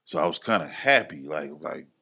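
Deep-voiced man telling a story. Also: fairly quick, vocal fry, a little hiss or hum. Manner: slangy, animated, acts out quoted voices. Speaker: podcast guest. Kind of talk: casual storytelling interview.

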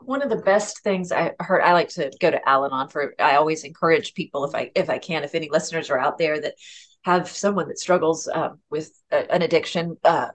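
Appearing as a podcast guest, a woman with a deep voice speaks candidly in a casual conversation. Now and then she laughs at herself, and she restarts her sentences quickly.

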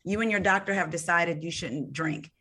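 Low-voiced woman recounting a story. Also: moderate pace. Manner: animated storytelling, recounting events. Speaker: podcast guest. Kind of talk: casual podcast conversation.

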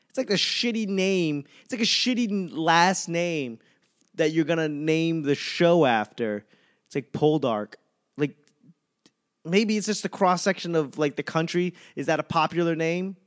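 A man's voice: fairly high pitch, normal speed, smooth. A man in his thirties hosting a casual solo podcast, rambling and self-mocking with plenty of swearing. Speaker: podcast host.

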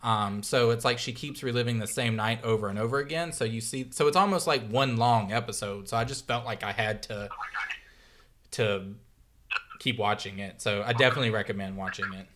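A man's voice: mid-range voice, fairly quick, fairly bright tone, slight background noise. A man co-hosting a podcast in casual chat, rambling and searching for his words. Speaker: podcast co-host.

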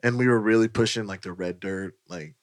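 Brief: loud, foul-mouthed male musician guest, restarts sentences, dead-dry studio sound. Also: lowish voice, brisk, no echo. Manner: loud, profane, jokey, trips over words. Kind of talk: casual podcast chat.

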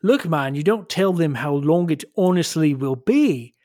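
A man putting on a Scottish accent to voice a gruff older male starship engineer giving folksy advice. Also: a little high, lively intonation, measured pace, darkish tone, dry recording, studio quality. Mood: knowing. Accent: put-on Scottish.

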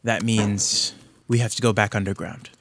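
A man's voice: lowish voice, fairly even intonation, moderate pace, creaky, background noise. A man voicing a stern secret-society leader woman. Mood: grave.

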